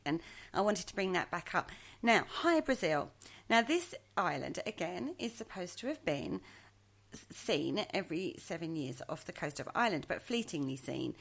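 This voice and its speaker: Medium in pitch and a little bright, this woman's voice carries a legend she's telling as a podcast co-host. The chat is casual, her manner hesitant and talkative, with self-mocking remarks about her pronunciation.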